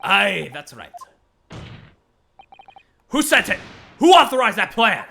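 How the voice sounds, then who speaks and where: A man's voice: high-pitched, big pitch swings, takes it slowly, vocal fry, bright, forceful tone, pitched above the performer's own voice, heavily acted. A man putting on a blustering Scottish prison governor. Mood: gruff. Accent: put-on Scottish. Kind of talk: video game voice acting on stream.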